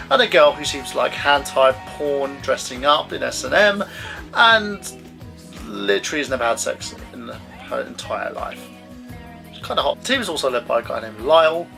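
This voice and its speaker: Gravelly man reviewing a film. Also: fairly high pitch, sharp tone. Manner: blunt, chatty, opinionated. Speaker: movie reviewer.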